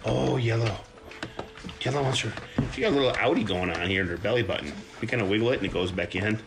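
A man who breeds dogs, chatting casually to viewers while filming his puppies at play and often cooing to them in a high voice. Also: fast talker, gravelly. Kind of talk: casual running commentary to viewers.

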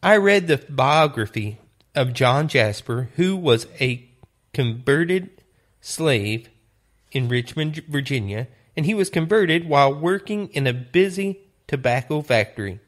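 A man teaching a Bible lesson, retelling stories in a deliberate, earnest way. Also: fairly high pitch, expressive. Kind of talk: sermon storytelling.

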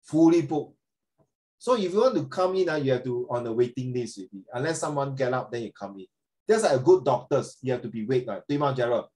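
An older man, teaching a lesson in a chatty, animated way and dropping in Chinese tag words. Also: medium pitch, a little fast, poor audio. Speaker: tutor. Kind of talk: online English lesson.

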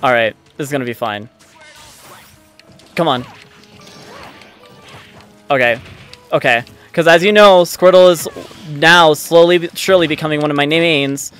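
A man giving live commentary on his own gameplay, excitable and frustrated, swearing often. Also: fairly high pitch, a little slow, long pauses, clean tone. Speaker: let's play gamer. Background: faint game music.

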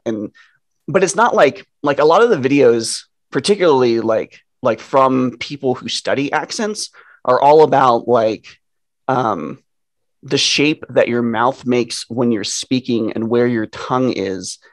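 A man's voice: mid-range voice, a little slow, dry recording. Male co-host, rambling self-interrupting talker, dry close mic. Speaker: podcast co-host. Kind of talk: casual chat.

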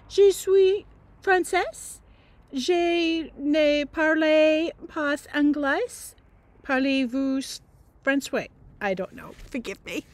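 Woman, teacher, dramatic read-aloud, playful asides, fairly high voice. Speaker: teacher reading a novel aloud. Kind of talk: expressive read-aloud narration.

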